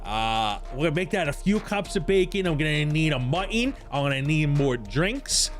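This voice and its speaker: A boisterous tavern regular, as a man puts him on, bellowing orders at a pitch well above his own voice. He sounds jovial and rowdy in a tabletop-game voice, with faint music behind. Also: very animated, normal speed.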